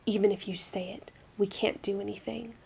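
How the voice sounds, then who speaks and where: A woman voicing a gentle, quiet young male butler in an otome game. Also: mid-range voice, fairly even intonation, a little fast, creaky, husky, voice pushed down. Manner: quiet and subdued.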